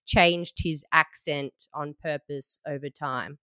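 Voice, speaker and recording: A woman's voice: deep voice, fairly even intonation, pushed and bright, clean tone, no echo, studio quality. A woman in her thirties co-hosting a podcast, chatting casually and telling stories with acted-out quotes. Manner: chatty storyteller, quick to act out quotes. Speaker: podcast co-host. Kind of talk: casual chat.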